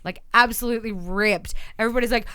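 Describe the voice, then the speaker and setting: A woman's voice: on the high side, fast, sharp tone, clear, resonant tone. A woman co-hosting a podcast, recapping events in casual chat and acting out quotes in exaggerated voices. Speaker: podcast co-host.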